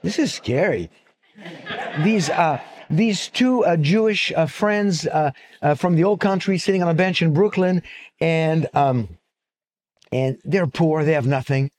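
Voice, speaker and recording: Man speaking at a mic with slides, voice a touch high, casual and rambling, with lots of ums and restarts. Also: unhurried, a little mellow. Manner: conversational and digressive, with many fillers and restarts. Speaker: speaker giving a talk on antisemitism. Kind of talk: live lecture with slides. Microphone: fixed microphone.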